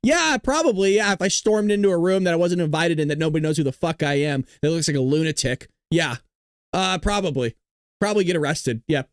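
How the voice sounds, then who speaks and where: Sarcastic guy hosting, high voice, laughs a lot, dry close mic. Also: brisk, clear, resonant tone, no room sound. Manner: mocking, sarcastic, laughs often, swears. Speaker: show host reacting to clips. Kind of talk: casual reaction commentary.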